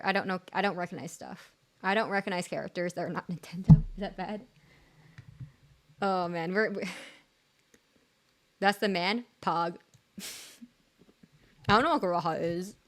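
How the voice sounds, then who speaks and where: A young woman streaming live, chatting casually to her viewers in a rambling, giggly, self-deprecating way with lots of fillers. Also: mid-range voice.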